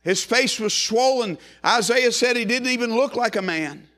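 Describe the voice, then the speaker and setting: A man preaching a sermon, swinging from loud rising calls to hushed low phrases and repeating lines in a building cadence. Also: normal speed.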